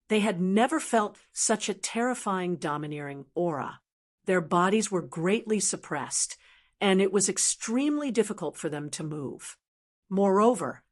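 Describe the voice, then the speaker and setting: A woman reads a fantasy novel aloud as its narrator. Her voice sits in a middle pitch, and her delivery is even and steady. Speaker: audiobook narrator. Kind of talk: scripted narration.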